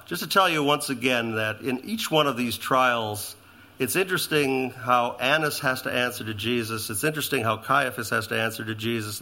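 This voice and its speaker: A man preaching a sermon as pastor, animated and emphatic, dropping to hushed tones on reverent lines. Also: mid-range voice.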